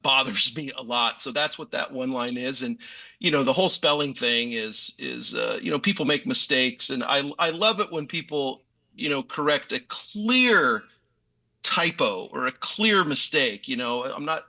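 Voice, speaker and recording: A man's voice: mid-range voice, expressive, moderate pace, bright, forceful tone. A middle-aged man, a guest actor chatting casually in a radio interview, easygoing and joking with lots of fillers and restarts.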